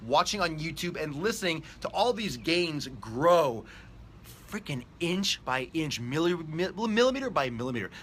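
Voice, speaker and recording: A man's voice: medium pitch, sharp tone, a little hiss or hum. A man hosting a live-stream fitness show, talking in a brash, profane, hyped-up motivational way. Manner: brash, profane hype talk. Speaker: fitness coach host.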